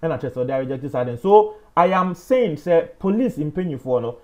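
Ghanaian man, high voice, emphatic news commentary, animated delivery. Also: moderate pace. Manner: emphatic, animated, swings between loud and soft. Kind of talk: opinion commentary.

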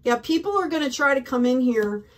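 A woman's voice: high-pitched, expressive, brisk, far from the mic. A woman giving a casual tarot reading, talking effusively and peppering her speech with "like", "right?" and "okay?". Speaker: tarot reader.

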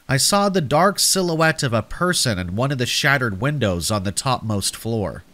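A man narrating a scripted horror story in a slow, dramatic storytelling manner. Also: mid-range voice, a bit bright.

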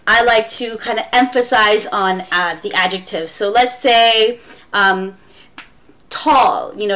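Woman ESL teacher, unhurried and fairly high-voiced, casual chatty demo. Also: fairly bright tone. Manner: chatty, demonstrates with exaggerated gasps and wows.

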